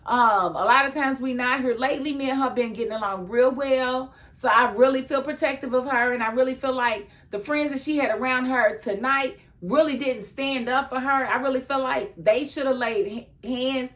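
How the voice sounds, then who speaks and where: A woman giving a casual video review of a TV episode, talking emphatically and laughing often, then dropping into a lower, confiding tone. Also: moderate pace, hardly any pauses. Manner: emphatic and animated, with frequent laughs; chatty, drops into a low, confiding tone.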